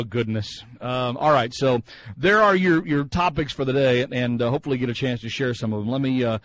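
A man's voice: medium pitch, fairly quick, fairly bright tone, low-quality recording. A man hosting a sports talk radio show, musing in a chatty way with many fillers and restarts.

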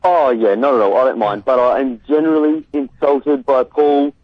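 A man's voice: mid-range voice, fairly even intonation, moderate pace, a crowd in the background. Australian man on a muffled phone line. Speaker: caller. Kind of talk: phoned-in radio chat.

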